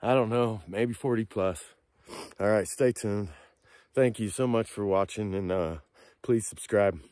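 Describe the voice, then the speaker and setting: A middle-aged man vlogging outdoors on a forested slope, talking into a handheld camera in a rambling, halting way full of fillers. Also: fairly low pitch, darkish tone, dry recording, clean studio sound. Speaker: outdoor vlogger hunting moose antler sheds. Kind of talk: casual hiking vlog to camera.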